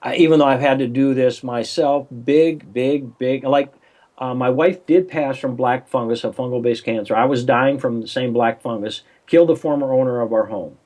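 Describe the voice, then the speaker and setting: A man's voice: medium pitch, normal speed, a little mellow. An older man, a coach and interview guest, telling a story over a remote call in a rambling way, with many restarts and acted-out phone voices.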